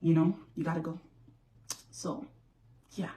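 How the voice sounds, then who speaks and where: A woman's voice: deep voice, flat delivery, a little slow, dark tone, recorded from a distance, slight background noise. A woman vlogger telling a personal story to her viewers, repeating phrases for emphasis. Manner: repetitive, emphatic retelling. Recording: roomy echo.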